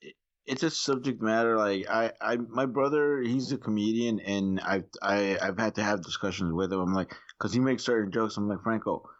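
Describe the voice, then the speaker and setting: A man chatting casually on a podcast, telling stories in a rambling way and often clearing his throat. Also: on the low side, normal speed. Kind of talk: casual chat. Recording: dull lo-fi sound.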